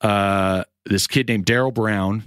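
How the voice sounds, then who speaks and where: A man's voice: lowish voice, takes it slowly, smooth, no echo, clean studio sound. A man in his forties, a guest and actor, chatting casually and telling rambling stories while acting out the voices of people he quotes. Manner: rambling animated storytelling, acts out quoted voices. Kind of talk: casual chat.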